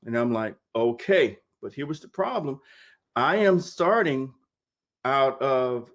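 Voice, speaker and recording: A middle-aged man from Mississippi recounts his path into nursing in a relaxed oral history interview. He brings the story alive by acting out the lines of the people in it, and often repeats words as he goes. He sits at a mid-range pitch and talks over a video call. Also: measured pace. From Mississippi, United States. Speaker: nurse interviewee.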